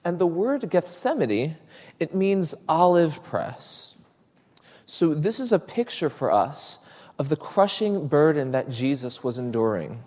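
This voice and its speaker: A man's voice: a little high, sing-song, a little slow, darkish tone, in a large hall. Man preaching a conversational sermon. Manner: conversational, storytelling with small restarts.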